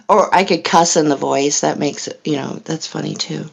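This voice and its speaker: A woman's voice: sits low, expressive, a little slow, vocal fry, poor audio. A woman in casual voice-chat banter who laughs often between her sentences. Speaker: chat participant.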